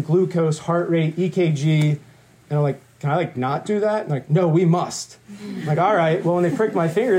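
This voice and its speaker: A young man in his twenties tells a candid testimony to a room of listeners. His voice sits a little high but sounds soft and mellow. He acts out conversations and laughs at his own misfortunes. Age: 20s. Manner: candid storytelling with quoted dialogue and self-deprecating humor. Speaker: guest speaker. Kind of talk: personal testimony talk.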